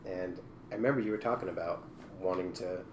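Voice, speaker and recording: A man hosting a podcast, chatting in a relaxed, friendly way with fillers, recorded in an echoey room. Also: low-pitched, fairly quick, far from the mic. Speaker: podcast host. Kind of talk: casual interview chat. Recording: echoey room, faint noise.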